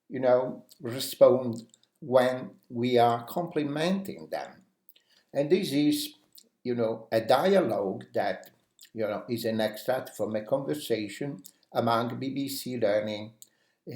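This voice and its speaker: Slow-paced male English teacher. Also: mid-range voice. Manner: acts out example phrases in a lively way; uses many "you know" fillers. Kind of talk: language lesson. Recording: roomy echo.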